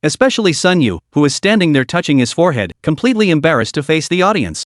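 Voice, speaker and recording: A man telling a comic recap story at a brisk clip. His voice is on the high side and moves lively up and down, recorded dry and close with no room sound. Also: dry recording. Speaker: narrator. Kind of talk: web comic recap narration.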